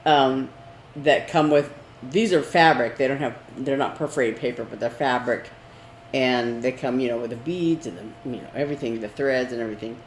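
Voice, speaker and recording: A woman's voice: extremely low pitch, normal speed. A woman co-hosting a casual crafting chat, talking in a rambling way with many fillers. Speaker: co-host. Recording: echoey room with faint noise.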